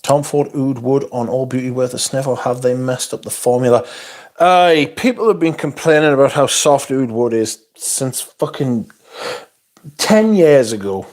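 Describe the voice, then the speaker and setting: Sweary livestream host. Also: male voice, medium pitch, moderate pace, darkish tone. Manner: blunt and sweary, with frequent asides. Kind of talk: casual livestream chat, reading viewer comments aloud. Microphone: phone.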